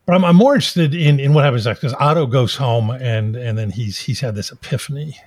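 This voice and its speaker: A man's voice: mid-range voice, darkish tone, no echo. A man co-hosting a podcast in casual chat, sarcastic and joking. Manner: sarcastic, quick jokey asides. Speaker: podcast co-host.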